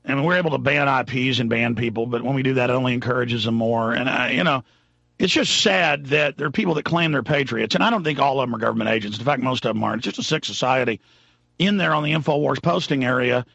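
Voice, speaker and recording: Male talk radio host, rambling and fired up, husky voice with a dry, dull studio sound. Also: mid-range voice, fast, dry recording. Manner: impassioned, rambling, shifts between mutters and shouts.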